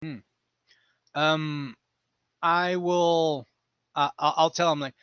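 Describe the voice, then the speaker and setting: A man's voice: on the high side, steady tone, slow, pauses often, a bit bright, smooth, no echo, dull audio. A man playing in a tabletop role-playing game, joking around and laughing often. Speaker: player. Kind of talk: casual tabletop play.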